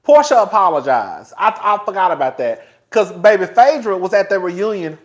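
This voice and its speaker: A man's voice: sits high, normal speed. A man hosting a casual live-stream commentary, chatty and profane, laughing often and talking straight to his viewers. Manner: animated, profane, laughs often between remarks; chatty, talks straight to viewers as "girl" and "y'all". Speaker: host.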